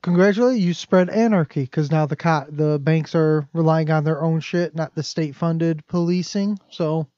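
A man's voice: on the high side, normal speed, few pauses, warm tone, no room sound, muffled recording. A man co-hosting a casual podcast chat, sarcastic and jokey, often slipping into silly voices. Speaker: podcast co-host.

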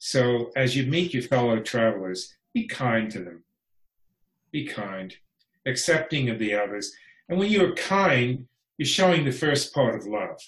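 A man's voice: mid-range voice, animated, a little slow, a bit bright. A man talking as a podcast guest in casual conversation, wry and frank, laughing often. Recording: echoey room.

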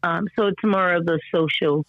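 A woman as a podcast guest telling a story about her son in a rambling, animated way, full of fillers and restarts, her voice slightly strained, as she acts out the people she quotes. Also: lowish voice, normal speed, a little hiss or hum. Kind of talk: conversational storytelling interview. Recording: dull lo-fi dry sound.

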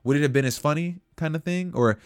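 A man's voice: fairly high pitch, fast talker, clear, resonant tone. A man co-hosting a casual podcast chat, rambling with lots of fillers and restarts. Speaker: podcast co-host.

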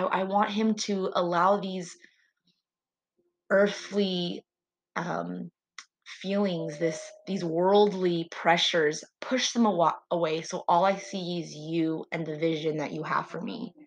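Woman, podcast host, earnest and prayerful, heartfelt solo monologue, slightly low voice. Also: steady tone, slow, rough recording.

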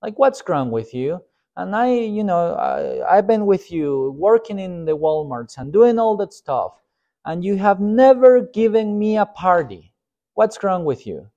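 Whiny spoiled grown son, pitched well up and indignant, put on by a male preacher. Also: sing-song, measured pace, warm tone, lo-fi sound, heavily acted. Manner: whining, indignant.

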